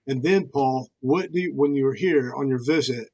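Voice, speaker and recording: A man's voice: medium pitch, moderate pace, darkish tone. A man hosting an interview, asking loose, rambling questions. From Indiana, USA. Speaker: podcast host. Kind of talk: casual interview.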